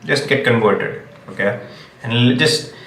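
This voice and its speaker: A man's voice: mid-range voice, measured pace, a bit bright, roomy sound, a little hiss or hum. A man with an Indian English accent delivering a solo opinion monologue, emphatic and repeatedly checking "okay?" to press his points. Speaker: commentator.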